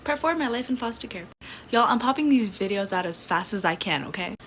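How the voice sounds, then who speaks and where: A woman's voice: mid-range voice, lively intonation, a little fast, fairly bright tone, low-quality recording. A young woman in her twenties telling her story to camera in a loose, casual way. She is blunt and sassy and swears freely. A faint background hiss sits under her voice. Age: 20s.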